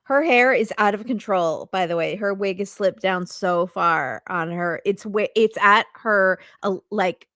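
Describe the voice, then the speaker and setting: A woman co-hosting a reality show recap podcast, making blunt, quick asides in casual chat. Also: mid-range voice, fairly bright tone, dry recording, studio quality. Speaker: podcast co-host.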